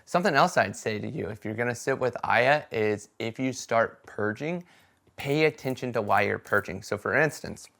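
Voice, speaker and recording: In a creaky, mid-range voice at normal speed, a man vlogs casually about his experiences. He acts out quoted voices as he animatedly tells stories, often tossing in "right?" and "okay?".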